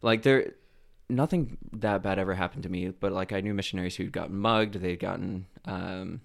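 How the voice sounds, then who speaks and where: A young man from Idaho, a podcast guest telling stories in a relaxed way, with lots of fillers. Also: deep voice, normal speed, gravelly. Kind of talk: casual storytelling.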